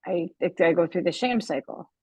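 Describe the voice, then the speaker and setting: A woman teacher sharing her struggles in a group call, speaking haltingly and repeating words as she looks for them. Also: lowish voice, dark tone, husky, no echo, low-quality recording.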